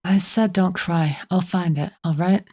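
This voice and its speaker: A woman reads a blunt young male mercenary leader from a fantasy game. She keeps it plain and close to her own lower voice. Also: steady tone, moderate pace, mellow.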